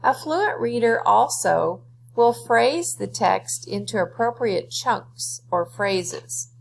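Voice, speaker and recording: A woman's voice: a little high, lively intonation, takes it slowly, creaky, low-quality recording. A woman teacher giving a reading lesson, explaining step by step to her students and then reading a poem aloud.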